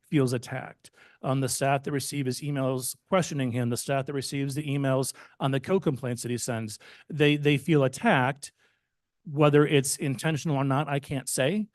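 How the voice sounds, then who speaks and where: Male manager, mid pitch, measured and defensive, dry meeting-room sound. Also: no room sound. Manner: measured, deliberate, slightly defensive. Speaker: village manager. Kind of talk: formal public meeting remarks. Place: commission meeting chamber.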